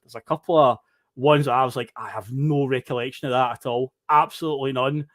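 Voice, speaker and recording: A man's voice: mid-range voice, steady tone, a little fast, fairly bright tone, no echo, studio quality. A Scottish man hosting a football podcast, chatty and upbeat, often laughing. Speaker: podcast host. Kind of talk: casual football podcast chat.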